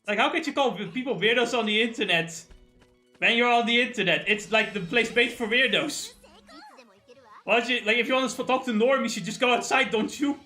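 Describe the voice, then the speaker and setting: A man's voice: extremely high pitch, brisk, sharp tone, faint music behind. A man hosting a livestream in casual chat, ranting animatedly and swearing freely. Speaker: streamer host.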